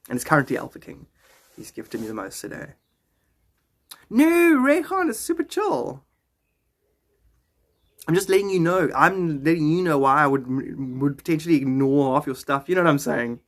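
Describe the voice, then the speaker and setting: A man's voice: mid-range voice, a little fast, fairly bright tone. Rambling man chatting on a livestream. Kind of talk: casual live-stream chat.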